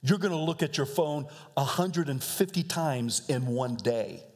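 A man preaching from the pulpit, chatty and joking, his voice held at an ordinary middle pitch. His speech trails off into long reverb from the church hall around him. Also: expressive, unhurried, breathy edge. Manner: joking, conversational, laughs often. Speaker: pastor. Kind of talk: sermon. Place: church sanctuary.

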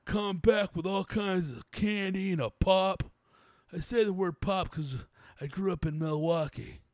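Man doing an angry foul-mouthed middle-aged ranter; loud, pitched up, dry. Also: unhurried, no echo. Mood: ranting. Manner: profane, ranting, keeps raising his voice. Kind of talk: comedic character rant.

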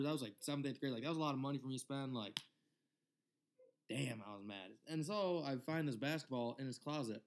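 A man's voice: medium pitch, a little fast. Young man telling a story with swearing. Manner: loose, filler-heavy talk with swearing. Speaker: podcast co-host. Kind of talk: casual storytelling chat.

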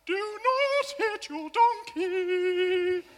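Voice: very high-pitched, lively intonation, big-room sound, full character voice. A performer playing a stern, solemn angel. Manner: slow, solemn pronouncements.

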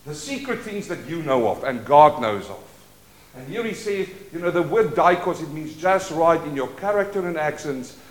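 Emphatic pastor in echoey church. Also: male voice, a little high, expressive, normal speed. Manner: preaching with call-and-response prompts to the congregation; swings between quiet asides and loud emphatic declarations. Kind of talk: sermon.

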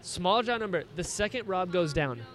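High-voiced man telling stories excitedly. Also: moderate pace. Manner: excited, animated storytelling with acted-out quotes. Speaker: podcast conversation partner. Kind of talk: casual chat.

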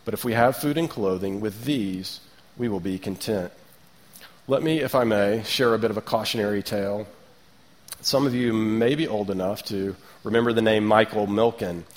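A man in his thirties giving a sermon, relaxed and conversational, with rhetorical questions and light asides. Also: fairly low pitch, normal speed. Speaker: preacher.

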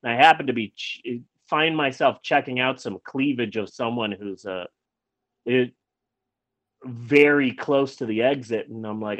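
A man casually telling a personal story, animated, stumbling over and repeating words, and swearing freely. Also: medium pitch, measured pace. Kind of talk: casual anecdote.

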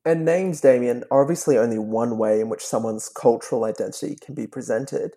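A man's voice: mid-range voice, fairly quick, mellow. A man in a co-interviewer role, asking a question in careful, composed phrasing.

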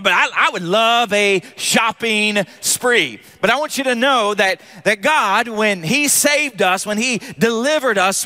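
Man, pastor, sermon, high voice, bright tone, joking with the crowd. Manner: animated, joking with the congregation. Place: church.

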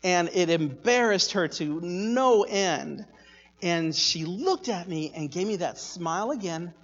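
A man telling a personal story as a sermon, swinging between hushed asides and loud excited bursts. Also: high-pitched, slow, breathy edge. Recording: echoey hall, dull sound.

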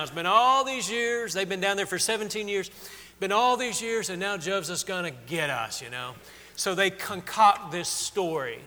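Guy preaching a sermon, bright tone, acts out the quotes, big echoey hall. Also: sits high. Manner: conversational, acts out quotes with rising emotion. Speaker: pastor.

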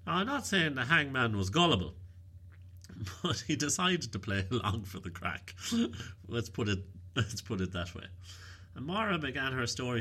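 A man telling a folk tale in a lively, wry, animated way. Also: medium pitch, normal speed, slightly rough. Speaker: storyteller. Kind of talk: oral folk storytelling.

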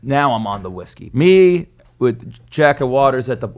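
A man telling a rowdy story in a casual podcast chat, animated and swaggering, acting out the people he describes. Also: mid-range voice, moderate pace. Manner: animated, swaggering storyteller who acts out the people in his stories. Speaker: podcast co-host.

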